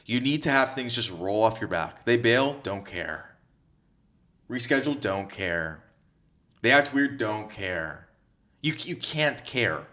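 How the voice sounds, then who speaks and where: A man's voice: on the low side, animated, unhurried, pushed and bright. A man coaching other men on dating, talking bluntly and with heavy swearing, repeating his points for emphasis. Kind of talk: direct-to-camera advice monologue.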